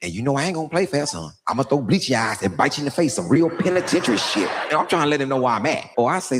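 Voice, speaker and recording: Man, comic storyteller, boastful, plays every voice, wildly swinging pitch, noisy recording. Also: very fast, few pauses, big-room sound. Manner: animated, boastful, acts out all the voices.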